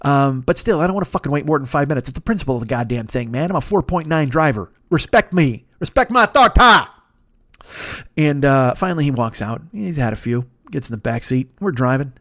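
A man hosting his own podcast, telling rambling, profane stories in a deep radio-style voice and acting out the people in them. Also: expressive, fast, few pauses, dry recording, studio quality. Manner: profane, rambling storyteller who acts out other people's voices. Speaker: podcast host. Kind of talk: casual solo monologue.

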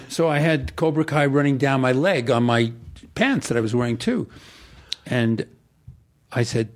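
An older man, an actor, telling rambling, animated stories in an interview. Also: medium pitch, normal speed. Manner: animated, digressive storyteller. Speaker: actor guest. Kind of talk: rambling anecdotal interview talk.

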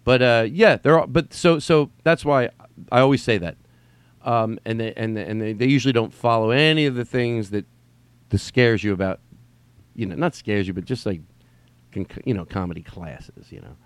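A man's voice: medium pitch, moderate pace, clear, resonant tone, no echo. Rambling, cursing man in a dry room. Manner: digressive, profane, repeats himself. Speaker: solo podcast host. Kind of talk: rambling casual monologue. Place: at home during quarantine.

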